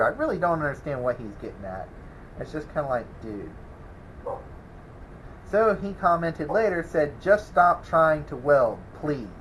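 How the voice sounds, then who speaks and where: A man's voice: fairly high pitch, fairly bright tone, a little hiss or hum, poor audio. A man, rambling in a casual vlog, chuckling and exasperated as he answers a troll. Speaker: welding channel host. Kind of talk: casual vlog talk to camera.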